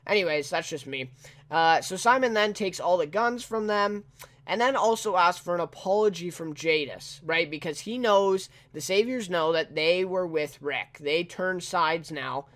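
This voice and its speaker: A man's voice: sits high, a bit bright. A man casually reviewing a TV episode, rambling with lots of fillers and tag questions, and chuckling now and then. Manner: chuckles often while talking.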